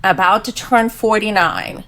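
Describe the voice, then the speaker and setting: A woman's voice: mid-range voice, measured pace, fairly bright tone, a little hiss or hum. A woman in her forties hosting a casual panel chat, telling a candid story. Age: 40s. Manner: candid storytelling, acts out quoted voices. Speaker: podcast panel host.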